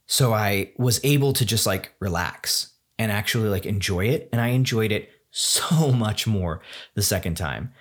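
A man's voice: fairly low pitch, moderate pace. Rambling man hosting a solo podcast. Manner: rambling, enthusiastic, many fillers and restarts. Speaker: podcast host. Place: home room.

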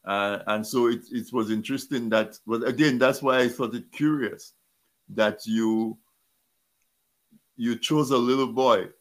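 A man hosting an interview, speaking haltingly and often repeating words and restarting as he frames his questions. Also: mid-range voice, steady tone. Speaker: interview host. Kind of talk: interview talk.

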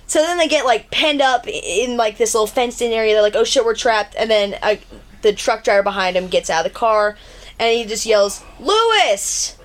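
A woman co-hosting a podcast, retelling a film's plot in a casual, animated way with frequent swearing. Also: on the high side, a little fast. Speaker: podcast co-host. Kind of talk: casual movie recap chat.

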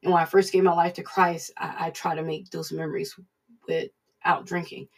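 Gravelly, husky preacher, off-mic. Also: medium pitch, level tone, moderate pace, distant mic. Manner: conversational, repeats points for emphasis. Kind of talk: casual devotional teaching.

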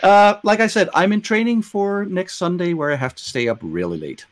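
Lively, higher-voiced man as podcast guest. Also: normal speed. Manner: lively, laughs easily. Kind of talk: casual podcast chat.

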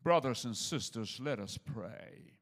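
A man putting on the pompous, booming pulpit voice of an older male pastor. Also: expressive. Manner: solemn, booming, drawn-out intoning.

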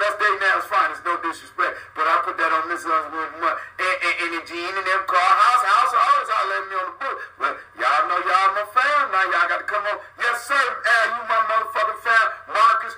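Podcast host, middle-aged man, rambling and loud, very bright tone, recorded roomy and distant. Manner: rambling, swings between loud greetings and low talk. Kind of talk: casual shout-outs to friends. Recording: roomy sound from far off the mic.

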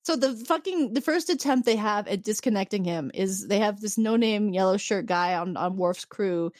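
Podcast co-host, female, animated storyteller who laughs a lot, dry close mic. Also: mid-range voice, normal speed, dry recording. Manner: animated storytelling, acts out quotes, laughs often. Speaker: podcast co-host recapping an episode. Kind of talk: casual chat.

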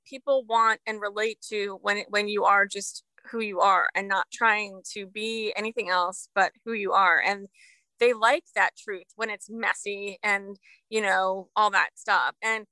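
Bright, dry-sounding earnest woman guest. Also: medium pitch, dry recording, poor audio. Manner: earnest, rambling, laughs often. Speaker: guest, musician. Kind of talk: casual interview chat.

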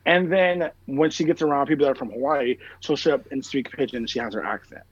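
A man's voice: mid-range voice, fast, dry recording. Rambling man, dull dry sound. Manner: rambling storyteller, filler-heavy, swears freely. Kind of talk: casual chat.

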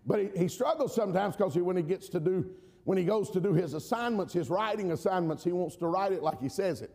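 This middle-aged Georgia preacher speaks in a Southern drawl, his voice sitting high and moving fast through the sermon. He's emphatic, calls out amen often, and swings from shouts to quiet asides, all in a big-room sound.

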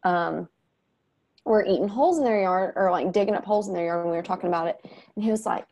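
A woman's voice: fairly low pitch, quick pace. A woman, chatting casually and telling funny family stories. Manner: chatty storyteller, animated when quoting. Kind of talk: casual chat.

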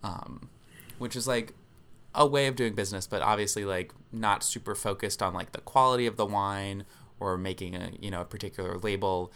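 A man with a deep, gravelly voice co-hosts a podcast and talks it through in an easy, explanatory way. He fills his pauses with ums. His tone is gritty but bright and forward. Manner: explanatory, many filler ums. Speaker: podcast co-host. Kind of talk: casual storytelling podcast chat.

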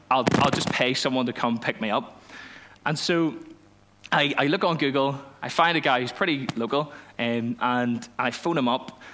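Young guy preaching, bright voice, tells stories all animated. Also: mid-range voice. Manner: animated storytelling, laughs at himself, acts out dialogue. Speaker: youth pastor. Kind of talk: sermon with personal story.

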